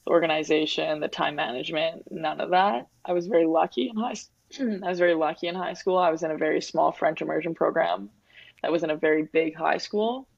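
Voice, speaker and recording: A woman in her twenties from Winnipeg, Canada, speaks as a guest athlete in a candid interview. Her deep voice is brisk and slightly rough with vocal fry, and she talks openly and reflectively, leaning heavily on "like" and "um". The recording is dull, dry and lo-fi.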